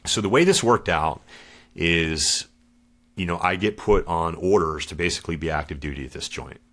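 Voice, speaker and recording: A middle-aged former Marine, a guest on a podcast, tells his story in a low, slightly bright voice at normal speed. His style is casual and slangy, and he calls the host "dude" and "brother."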